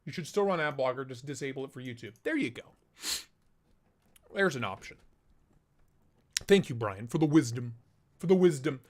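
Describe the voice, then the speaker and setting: A man's voice: medium pitch, animated, normal speed, pauses often. A young man hosting a casual live stream through a voice changer, chatting loosely and reading out chat messages.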